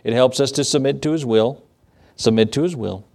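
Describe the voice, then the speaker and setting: A man's voice: medium pitch, fairly quick, vocal fry, a little mellow. A pastor giving a sermon to his church, talking with them rather than at them. He often laughs and acts out little asides as he goes. His voice sits right in the middle range for a man. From United States. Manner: conversational, with laughs and acted asides.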